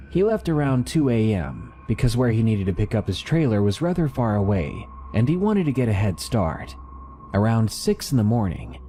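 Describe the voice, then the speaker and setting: A man giving scripted narration of submitted horror stories, with lively, dramatic storytelling. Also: lowish voice, slight background noise.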